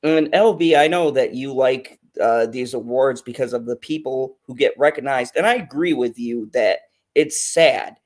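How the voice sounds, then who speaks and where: A woman's voice: a bass voice, moderate pace, hardly any pauses, darkish tone. A woman guest on a fan talk show, ranting heatedly with constant swearing and frequent laughter. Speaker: guest commentator. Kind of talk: profane ranting commentary.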